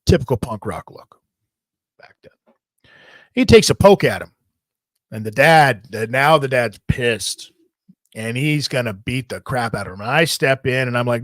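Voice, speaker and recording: A man's voice: mid-range voice, measured pace, long pauses, dry recording. Podcast guy rambling thru a story, swears a lot, dry close mic. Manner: rambling, profane, animated retelling. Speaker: podcast host. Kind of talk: casual storytelling.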